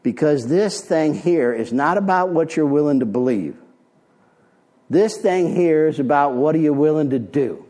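A man's voice: on the high side, animated, moderate pace, dark tone. An older man giving a personal testimony talk at a recovery meeting, blunt and plainspoken. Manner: blunt, plainspoken, street-wise.

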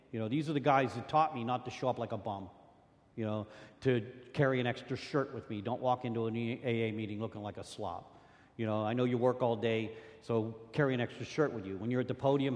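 A man sharing a personal story at a recovery meeting, rambling, repeating words and acting out what others said. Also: mid-range voice. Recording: long hall reverb.

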